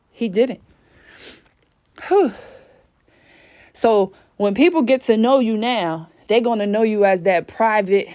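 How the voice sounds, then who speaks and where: A woman's voice: medium pitch, darkish tone. A woman giving a fervent spiritual reading, out of breath, swearing casually and exclaiming often. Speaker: spiritual reader.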